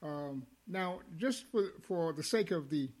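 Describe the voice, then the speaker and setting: A man hosts a discussion program in a somewhat high, husky voice. He talks haltingly, stopping and restarting with frequent fillers as he gathers his thoughts. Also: lively intonation, darkish tone. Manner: hesitant, many fillers and restarts. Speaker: host.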